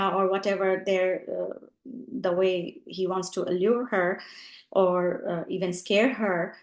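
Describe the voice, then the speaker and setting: A woman teaching as a relationship coach, speaking reflectively with frequent ums and softer asides. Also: fairly low pitch, little pitch movement, slow pace. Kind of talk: teaching talk. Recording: roomy echo.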